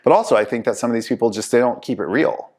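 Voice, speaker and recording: A man hosting a casual talk show, telling lively stories and acting out the people he quotes. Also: mid-range voice, rapid-fire. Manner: animated storyteller, acts out quoted people. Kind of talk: casual chat.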